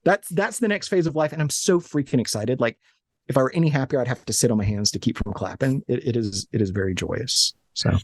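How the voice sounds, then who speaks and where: A man in his late thirties from Alabama, a guest telling animated, joking stories from his office with frequent restarts. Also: medium pitch, fairly quick, dry recording. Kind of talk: casual interview chat.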